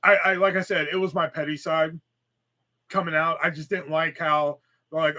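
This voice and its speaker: Young man, podcast host, casual profane storytelling, bright and slightly high voice. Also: level tone, moderate pace. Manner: profane, rambling storytelling with quoted dialogue. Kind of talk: casual live-stream chat.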